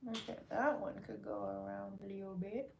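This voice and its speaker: A woman's voice: medium pitch, normal speed, vocal fry, lo-fi sound, a little hiss or hum. A woman vlogger talking casually through her crafting work, thinking aloud as she goes. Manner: relaxed, thinking aloud while working.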